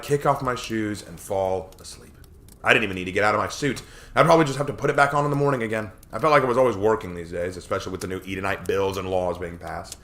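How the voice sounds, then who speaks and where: A man reading aloud a first-person story he wrote himself, in a measured, expressive narrating manner. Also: on the low side. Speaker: storyteller reading his own fiction.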